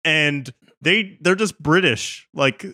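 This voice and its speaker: A man's voice: fairly high pitch, slow, bright, forceful tone, no room sound, clean studio sound. A young man co-hosting a podcast in casual chat, talking hesitantly with many fillers. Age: young adult.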